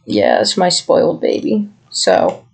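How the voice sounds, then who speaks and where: Podcast guy rambling on, chatty, a bit of fry in his voice. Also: high-pitched, huge pitch swings, takes it slowly. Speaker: podcast co-host. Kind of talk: casual chat.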